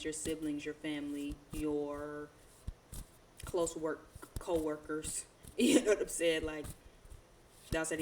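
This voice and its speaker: A woman with a low voice gives a loose, slangy tarot reading, full of profanity and rambling asides. She laughs often as she goes. A faint hiss of noise sits behind her. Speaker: tarot reader.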